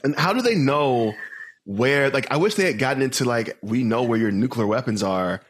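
Husky man ranting in casual chat. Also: medium pitch, normal speed. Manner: animated, swearing, laughing often. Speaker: podcast co-host. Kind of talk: casual movie-review chat.

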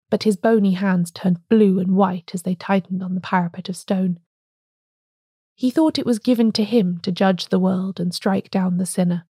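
A woman reads a classic detective story aloud at a steady, unhurried pace, like an audiobook. Her voice is mellow and warm. The recording is dry and close, with no room sound. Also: medium pitch, dry recording. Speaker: podcast host and narrator.

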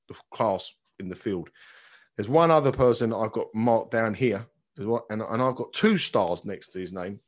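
Chatty man hosting a betting talk. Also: on the low side. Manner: inquisitive, chatty, quick to ask follow-ups. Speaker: podcast host. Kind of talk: casual chat.

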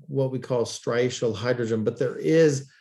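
A man's voice: mid-range voice, moderate pace, dark tone. A man speaking as a podcast guest, explaining with enthusiasm and acting out quoted people in raised voices. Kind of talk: animated storytelling in interview.

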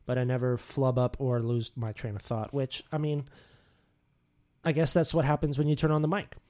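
A man's voice: medium pitch, flat delivery, normal speed, warm tone. Rambling man hosting a podcast alone. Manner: rambling, self-mocking, stumbles over names. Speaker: podcast co-host. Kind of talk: solo news podcast chat. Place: home office.

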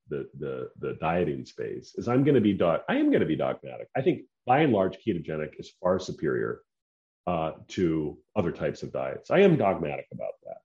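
A man's voice: very deep voice, darkish tone, highs cut off. A man giving an emphatic, opinionated casual monologue as a podcaster. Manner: emphatic, opinionated, self-assured.

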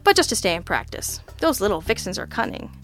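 A breezy private detective tosses off dry one-liners with a flippant, deadpan air, as a woman reader plays him. His delivery is relaxed and unbothered, even when he is making a pointed argument. Faint music sits behind the reading. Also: mid-range voice, fast talker. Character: wisecracking, easygoing male private detective. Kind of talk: audiobook character voice.

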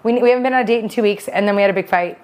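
A woman's voice: medium pitch, very fast, darkish tone. A woman co-hosting a casual podcast, talking frankly and teasing her co-host. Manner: frank and teasing, talks things through. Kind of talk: casual chat.

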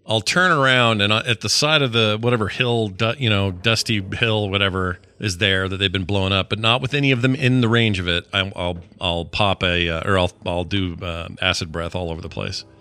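A man's voice: on the low side, fairly quick, hardly any pauses, sharp tone, clear, resonant tone. A man playing a tabletop role-playing game, talking animatedly and thinking aloud. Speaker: player.

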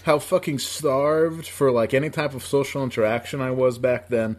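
A man from upstate New York spins a long, rambling story in loose podcast chat. He swears freely and laughs along with his own telling, at an everyday mid pitch. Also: fairly even intonation, normal speed. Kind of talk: casual storytelling.

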